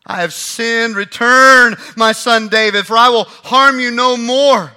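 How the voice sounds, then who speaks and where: A man's voice: mid-range voice, fairly even intonation, takes it slowly, creaky, bright, forceful tone, breathy edge, big-room sound, heavily acted. A man preacher voicing a remorseful male king who begs another to come home, repeating himself.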